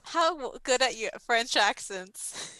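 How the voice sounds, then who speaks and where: A woman playing a tabletop game in a bright, crisp, fairly high voice. She speaks slowly and thinks out loud, with frequent giggles. The sound is dry and close. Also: animated, no room sound, poor audio. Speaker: player. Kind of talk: casual tabletop game chat.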